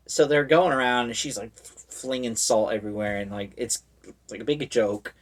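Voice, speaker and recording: A man talks through a horror movie plot in a loose, rambling way, with plenty of "um" and "like" and dry, mocking asides. His voice sits at an ordinary middle pitch. He sounds a little distant from the mic. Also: steady tone, normal speed. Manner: rambling, filler-heavy, wry. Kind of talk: casual movie recap.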